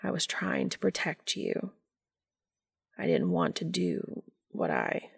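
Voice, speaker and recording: A woman voicing a calm, gentle man who speaks in a quiet, soothing murmur. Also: fairly low pitch, takes it slowly, creaky, breathy edge, heavily acted. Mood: earnest. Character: calm, gentle man, steady and soft-spoken.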